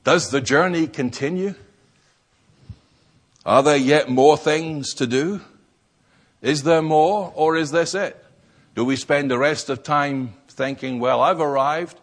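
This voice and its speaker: A man's voice: on the high side, slow, long pauses. A man preaching a sermon, stressing key words and posing rhetorical questions.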